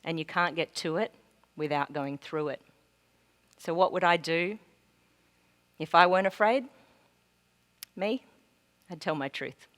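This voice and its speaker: A woman with an Australian accent giving a keynote speech, telling a personal story with heartfelt feeling that swings from loud to hushed. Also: fairly low pitch, measured pace, pauses often. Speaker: keynote speaker. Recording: long hall reverb.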